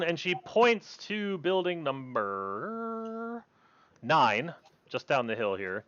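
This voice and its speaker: A man's voice: fairly high pitch, very animated, takes it slowly, a bit bright, no echo, dull audio. A man narrating a tabletop game as game master, rambling with many fillers and restarts.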